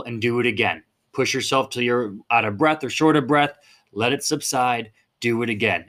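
A man's voice: medium pitch, a bit bright. A man hosting a fitness podcast in a blunt, fired-up monologue, swearing casually as he talks.

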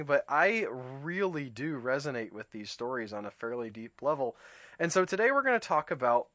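A man hosts a reflective talk, reading a children's book aloud and thoughtfully explaining it, with small restarts along the way. His mid-range voice has a fairly bright tone, and there's no room sound.

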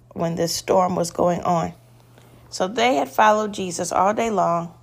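A woman's voice: mid-range voice, creaky. Earnest woman teaching scripture. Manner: earnest, conversational, emphatic. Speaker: devotional podcast host. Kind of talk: scripture reading and devotional teaching.

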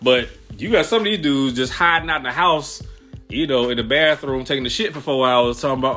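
A man, ranting casually with lots of profanity and animated storytelling. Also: medium pitch, brisk, soft background music. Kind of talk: casual rant.

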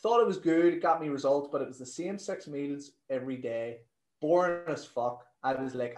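A man, a nutrition coach telling stories in a casual interview, animated and swearing freely. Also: on the high side, moderate pace, roomy sound, poor audio.

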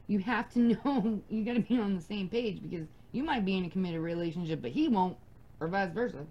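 A woman's voice: mid-range voice, expressive, a little fast, highs cut off. A young adult woman hosting a casual advice podcast, talking bluntly and emphatically and swearing freely. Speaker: podcast host.

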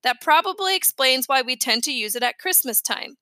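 A woman's voice: sits high, lively intonation, a little fast, bright, forceful tone, dry recording. Storybook teacher: woman doing a patient man lecturing a class, dry close sound. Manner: explanatory lecturing. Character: male schoolteacher, patient and lecturing.

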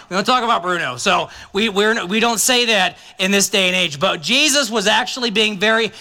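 A pastor delivers a sermon in a high, bright, forceful male voice, speaking conversationally and tossing joking asides to his congregation.

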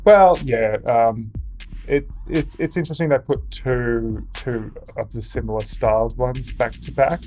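A man co-hosting a podcast, chatting casually, reacting quickly and jumping in with his opinions, often restarting mid-sentence. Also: mid-range voice, a little mellow, soft background music. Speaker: podcast co-host. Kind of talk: casual chat.

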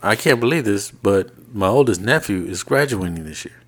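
A man in his late forties talks in a somewhat low voice. He speaks easily in casual podcast banter and teases his co-host. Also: expressive, moderate pace. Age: 40s. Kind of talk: casual chat.

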